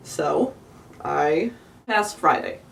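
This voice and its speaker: Exasperated young woman ranting, low voice. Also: lively intonation, extremely slow, creaky. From South Jersey, USA. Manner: exasperated, profane, sarcastic ranting. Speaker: vlogger. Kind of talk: storytime rant. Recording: voice a bit far from the mic.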